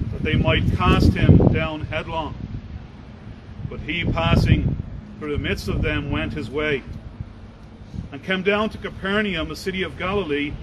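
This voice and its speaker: A man, a preacher, reading scripture aloud in a measured, formal way and then starting his sermon. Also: a little high, very noisy.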